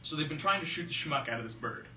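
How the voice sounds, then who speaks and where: A young man co-hosting a casual movie-review chat, animated and jokey. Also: a little high, quick pace, slight background noise. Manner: animated, jokey, slips into silly voices. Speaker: film review podcast co-host. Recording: roomy room from a distance.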